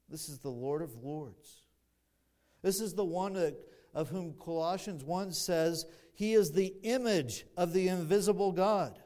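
With a high voice, the pastor preaches expository material slowly and with deliberation. Emphatic lines get louder, and he turns to the congregation now and then with a dry aside.

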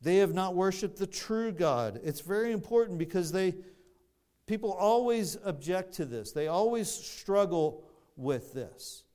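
Slow, smooth-voiced man preaching. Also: sits high, expressive, warm tone. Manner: measured, explanatory, with frequent restarts. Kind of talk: sermon.

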